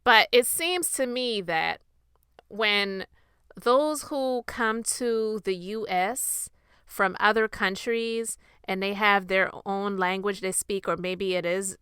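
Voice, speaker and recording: A woman who hosts a commentary channel and podcast delivers a casual monologue in a bright, crisp, medium-pitched voice. She is chatty and opinionated, speaking straight to her audience, with no echo.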